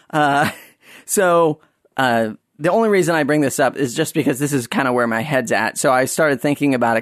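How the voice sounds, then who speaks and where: A man's voice: fairly high pitch, no echo, clean studio sound. A man hosting a casual solo monologue, rambling and sarcastic, often breaking off and restarting his sentences. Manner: rambling, sarcastic, self-interrupting. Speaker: podcast host.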